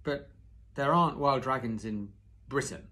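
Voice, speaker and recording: A man's voice: medium pitch, a little slow, pushed and bright, pitched above the performer's own voice. A man reading aloud and voicing an eager, anxious young boy who asks questions urgently.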